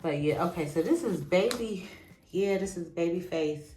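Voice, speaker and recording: A woman from in her forties, chatting casually and excitedly as she shows off old keepsakes to her viewers. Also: lowish voice, moderate pace. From Pittsburgh, USA. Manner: chatty, tickled, easily excited. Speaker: vlogger. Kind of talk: casual nostalgic show-and-tell. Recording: echoey room with soft background music.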